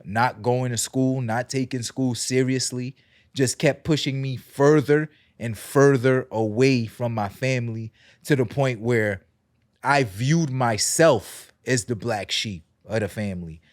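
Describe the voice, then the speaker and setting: A man's voice: mid-range voice, measured pace, no echo, clean studio sound. A young adult man co-hosting a podcast, talking in a candid, reflective way with slang fillers. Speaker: podcast co-host. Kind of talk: casual chat.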